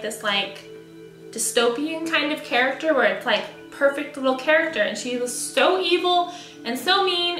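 A young woman talks through a casual vlog with bubbly enthusiasm, often breaking into laughter. Her voice sits high and bright. She records in an echoey room with faint music underneath. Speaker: vlogger. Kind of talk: casual book-tag vlog.

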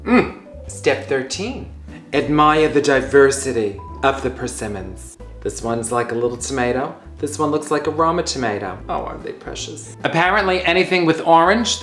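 In his home kitchen, a man runs a comedic tea-making demonstration, campy and theatrical, tossing in exasperated, sweary asides. His voice sits at a medium pitch with a fairly bright tone, and the room echoes.

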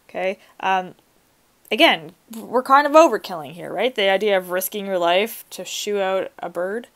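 A woman teacher reading a story aloud to her students and explaining it in a casual, chatty way, with expressive emphasis on the quoted passages. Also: medium pitch, moderate pace. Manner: casual, chatty asides with fillers and light laughs.

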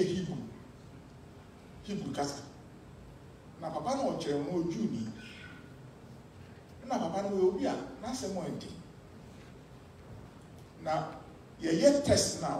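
Ghanaian pastor man preaching, high lively voice, far off in an echoey church. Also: slight background noise. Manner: animated preaching, mixing English and Twi. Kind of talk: sermon. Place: church hall.

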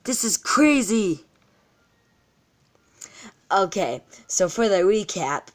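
A woman's voice: fairly low pitch, animated, slow pace, long pauses. A young woman vlogging as she opens trading card packs, gasping and exclaiming over her pulls. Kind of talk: excited unboxing vlog.

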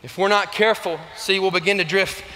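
Young man, Alabama Southern accent, bright forceful voice, folksy earnest speech, long arena reverb. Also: high voice, steady tone, brisk, a little hiss or hum. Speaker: youth organization officer. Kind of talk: motivational speech. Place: large arena.

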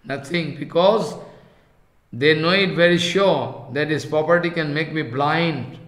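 Guy teaching a scripture class, bright sharp voice, halting and repetitive, chants verses slow. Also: fairly high pitch, roomy sound. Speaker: spiritual teacher.

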